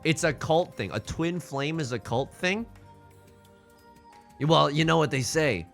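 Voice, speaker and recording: A man's voice: on the high side, animated, a little slow, creaky, long pauses, a bit bright, soft background music. A young man streaming a mahjong game, rambling and joking in casual asides to his chat. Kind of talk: casual live-stream chatter while playing mahjong.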